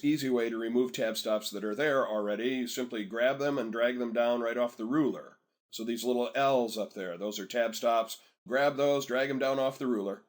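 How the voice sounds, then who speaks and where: A man narrating a screen-recorded software tutorial in a relaxed, chatty way, often telling viewers to pause and catch up. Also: mid-range voice. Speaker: software instructor.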